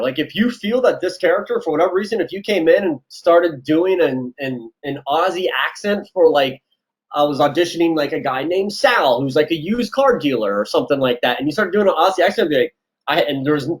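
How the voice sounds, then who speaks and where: A man who works as a casting director, giving relaxed, chatty advice in an interview and acting out little exchanges. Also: fairly high pitch, slightly rough, rough recording. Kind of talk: casual interview answers.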